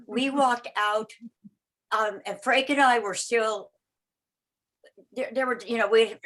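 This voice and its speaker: This is an older woman speaking over a video call, sharing a memory at her own unhurried pace. She stumbles and restarts often and repeats words as she gathers her thoughts. When she quotes someone, she puts on a voice for them. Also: a little high, fairly bright tone, low-quality recording. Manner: rambling, halting, with many restarts and repeated words; acts out the voices of people in her story. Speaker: meeting participant sharing a story. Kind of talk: personal storytelling on a video call.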